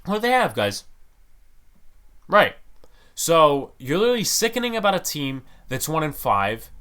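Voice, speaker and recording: A man's voice: a little high, big pitch swings, moderate pace, a bit bright, clear, resonant tone. A man hosting a sports podcast, ranting in a heated, exasperated way. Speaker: podcast host.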